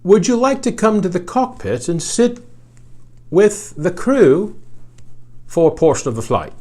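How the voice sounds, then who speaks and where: A man's voice: high voice, very animated, measured pace, warm tone, voice pushed up, heavily acted. A man voicing a cheerful female Australian flight attendant in a put-on Australian accent. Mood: inviting.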